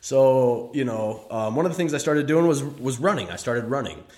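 A man's voice: medium pitch, expressive, moderate pace, a little mellow. A man from Saint Paul, Minnesota, telling a personal story in a casual, rambling, self-mocking way, swearing freely and restarting his sentences often.

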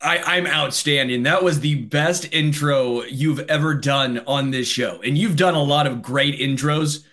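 Emphatic, teasing podcast co-host. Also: male voice, a little high, unhurried, hardly any pauses, fairly bright tone. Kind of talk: casual sports podcast chat.

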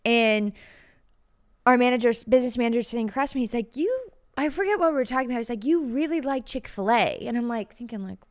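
A young woman with a slightly high voice co-hosts a casual podcast chat. She giggles often and drifts from one story to the next in a loose, rambling way. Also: racing. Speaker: podcast co-host.

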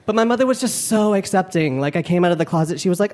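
A young man doing a stand-up comedy set, animated and campy, with playful asides to the crowd. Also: high-pitched, rapid-fire, hardly any pauses, a little hiss or hum. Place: live comedy club stage. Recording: live club recording with crowd. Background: audience laughter.

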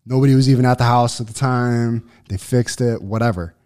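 A man's voice: medium pitch, fairly even intonation, a little fast, a little mellow. A man co-hosting a podcast, telling a story at an easy, laid-back pace. He swears often and talks plainly, without fuss. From Buffalo, New York. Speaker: podcast co-host.

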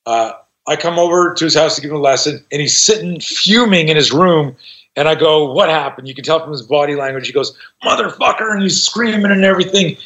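Middle-aged man, podcast guest, casual storytelling, profane and animated, fairly high voice, slightly muffled lo-fi audio. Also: a little fast.

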